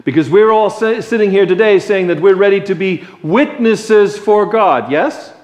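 A male preacher giving a sermon in a conversational, joking way, slow and deliberate, in a church. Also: high voice. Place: church sanctuary. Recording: echoey church sanctuary.

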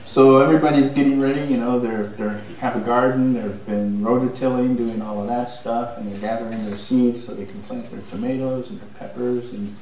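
A man's voice: medium pitch, steady tone, fairly quick, few pauses, a little mellow. A man giving a homey, rambling talk to a congregation, recorded from far off in a large room. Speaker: guest speaker. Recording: very echoey hall from far off.

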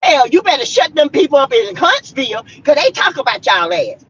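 Fiery high-voiced woman ranting from her car. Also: sing-song, brisk, fairly bright tone, highs cut off. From South Carolina. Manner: fiery, preachy, blunt. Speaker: vlogger. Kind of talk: heated rant to viewers.

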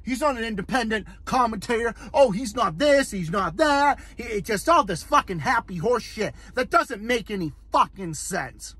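A man with a fairly high voice delivers a solo rant, swearing constantly and circling back over the same points. The recording is close and dry, with no room sound. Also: pushed and bright, no echo. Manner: heated, profane, repeats himself. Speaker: political commentary host. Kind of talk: angry solo political rant.

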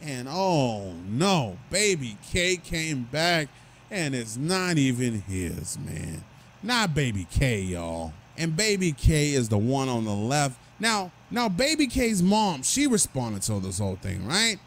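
A man's voice: mid-range voice, very animated, slow pace, a little hiss or hum. A man hosting a gossip commentary video, telling the story with mocking asides to viewers. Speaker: commentary host.

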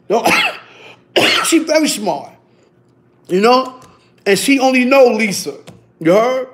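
Gravelly high-voiced New man. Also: takes it slowly, long pauses. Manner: animated, repeats himself, streetwise slang. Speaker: interviewee. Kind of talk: casual storytelling.

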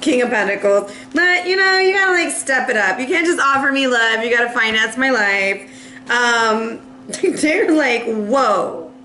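A woman's voice: a little high, animated, moderate pace, bright, forceful tone, echoey room, a little hiss or hum. A woman giving a casual, playful tarot reading, laughing often and acting out little voices, with a cough now and then. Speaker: tarot reader.

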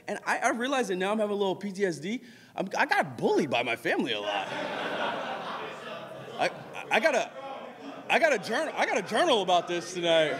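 High, animated man preaching in a hall. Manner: animated storytelling, bursts into shouts. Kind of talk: sermon. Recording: reverberant hall.

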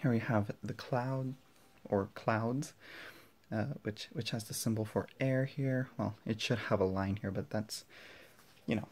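Young man, low-ish voice, excitable, gushing, half-whispered, home vlog. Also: a little slow. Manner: talks quietly with family nearby. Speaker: tarot vlogger. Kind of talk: casual unboxing vlog. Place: indoor room at home.

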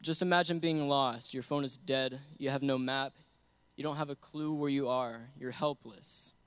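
A young man serving as guest preacher delivers an earnest sermon blending scripture with a personal story, often laughing between points. His voice is medium in pitch, fairly bright, clear and resonant, with fairly even intonation and a normal pace, and there's no room sound.

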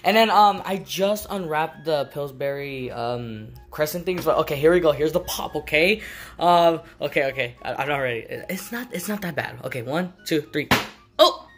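A woman's voice: low-pitched, expressive, moderate pace, faint music behind. A woman chatting casually to camera in a home kitchen, rambling and giggling, with lots of fillers. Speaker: vlogger.

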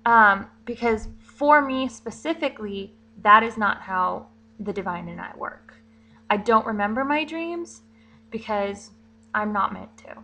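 Chatty young woman with a bright voice. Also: mid-range voice, animated, measured pace, creaky, poor audio. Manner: chatty, rambling with fillers and giggles. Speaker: vlogger. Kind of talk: casual vlog monologue.

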